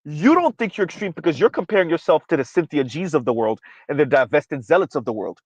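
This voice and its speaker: Emphatic stream host, man, pitched a little high, dry close mic. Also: animated, fast talker, no room sound, lo-fi sound. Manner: emphatic, repeats "right?" often. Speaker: commentary channel host. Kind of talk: livestream commentary reading chat.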